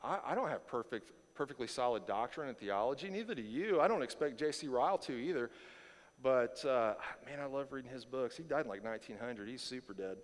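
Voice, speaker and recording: A man preaching a verse-by-verse sermon as pastor, conversational and animated, full of rhetorical questions, speaking in a church sanctuary. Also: mid-range voice, fairly quick, big-room sound. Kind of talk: expository sermon.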